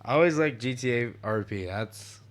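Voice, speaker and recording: Man, 19, podcast co-host, casual and profane, acts out quotes, mid pitch. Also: lively intonation, moderate pace. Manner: laughing, swearing, acting out quotes. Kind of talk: casual chat.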